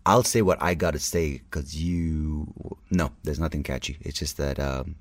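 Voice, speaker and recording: A man's voice: very deep voice, normal speed, no room sound. A man hosting a solo podcast as a stand-up comedian, talking in a candid, rambling way and swearing freely.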